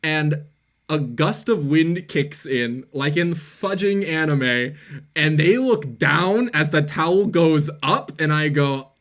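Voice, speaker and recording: A man's voice: on the high side, slow, a bit bright. Rambling young man telling a story. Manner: rambling, filler-heavy, self-mocking. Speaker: avatar vlogger. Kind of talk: casual storytelling.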